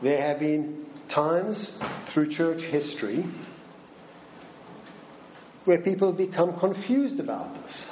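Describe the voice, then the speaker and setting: Guy preaching slow, lots of questions, echoey church sound with a bit of hiss. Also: fairly high pitch, lively intonation, highs cut off. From Minnesota. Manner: slow and deliberate, with rhetorical questions. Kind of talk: sermon.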